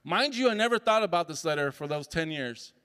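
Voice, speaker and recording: Guy telling a story onstage, high-ish voice, acts out all the dialogue, long hall echo. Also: animated, a little fast, a bit bright, smooth. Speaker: speaker at a summit. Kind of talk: personal storytelling talk. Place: conference hall.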